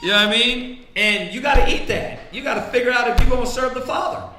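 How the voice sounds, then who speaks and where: A man's voice: very high voice, quick pace, bright, forceful tone, echoey room, slight background noise. A man preaching in a casual, conversational way, often asking "right?" and acting out the voices of the people he quotes. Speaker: priest teaching scripture.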